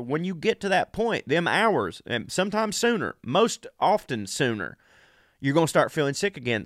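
A sick man from the American South talks in a crude, rambling, self-deprecating comic monologue, a little out of breath. His voice sits at an ordinary pitch for a man. The sound is dry and close, with no room echo. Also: a bit bright. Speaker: podcast host. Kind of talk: casual comedic monologue.

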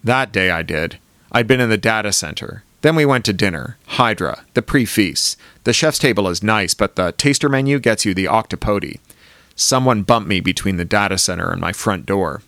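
Man reading a wry paranoid tech founder guy, low voice, dry sound. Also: normal speed, a bit bright, no room sound. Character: paranoid middle-aged male tech founder.

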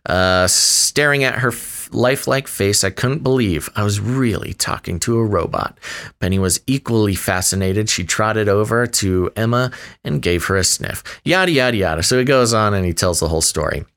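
A man's voice: on the low side, normal speed, a bit bright. Wry man reading a story aloud. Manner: wry, joking, laughs often while reading. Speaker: podcast co-host. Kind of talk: casual podcast chat, reading a news story aloud.

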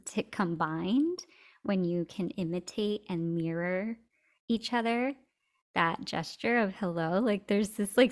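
A woman co-hosting a podcast over a video call, talking in a gentle, reflective way with easy giggles. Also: lowish voice.

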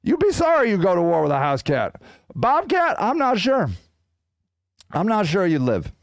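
A man hosting his own podcast, ranting in a profane, fiery way that swings from loud outbursts to low, muttered growls. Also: moderate pace, vocal fry, no room sound. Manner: animated, ranting. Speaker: podcast host. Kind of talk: solo podcast rant.

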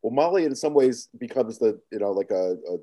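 A man's voice: medium pitch, lively intonation, brisk, dark tone. A man hosting a conversational interview in a jokey manner, laughing easily as he asks questions. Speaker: interviewer, podcast host.

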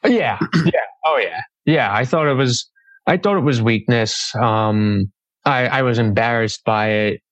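A young man as an interview guest, speaking earnestly and reflectively with halting phrasing. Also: mid-range voice, fairly bright tone, no echo, dull audio. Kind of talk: conversational interview.

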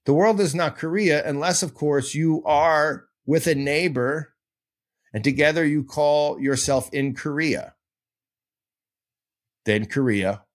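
A man's voice: fairly high pitch, slow pace. A man hosting a podcast, teaching in a casual, digressive and self-mocking way, breaking into goofy sound effects. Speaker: podcast host.

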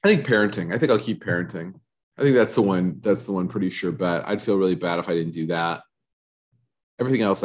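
Rambling low-voiced man hosting a podcast. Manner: rambling, self-mocking, repetitive riffs. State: congested from allergies, a bit froggy. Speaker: podcast host. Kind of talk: casual solo podcast chat. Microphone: studio microphone.

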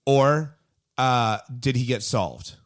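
A man's voice: medium pitch, takes it slowly. Wry, analytical man on a podcast. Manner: wry, analytical, dry jokes. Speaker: podcast co-host. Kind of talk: casual chat.

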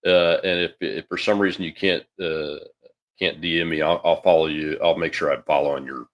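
A middle-aged man hosting a call-in show, giving halting, folksy advice. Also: rumbling low, steady tone. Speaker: show host. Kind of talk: casual call-in talk.

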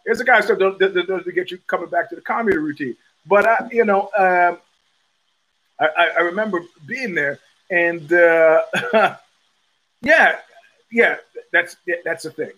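Profane rambling man, higher voice. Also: normal speed, pauses often, pushed and bright, low-quality recording. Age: middle-aged. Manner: profane, rambling, many restarts. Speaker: podcast host. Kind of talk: casual monologue.

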